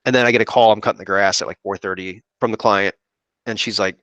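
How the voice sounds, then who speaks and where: A fast-talking man with a lowish, fairly bright voice and fairly even intonation rambles through a podcast story, voicing what people told him. He's an insurance producer; the recording is muffled but has no echo.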